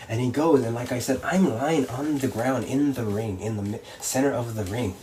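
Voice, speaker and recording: A man's voice: medium pitch, brisk. A young man, a professional wrestler, telling a story casually and acting out voices and crowd reactions. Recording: slightly distant mic, faint background noise.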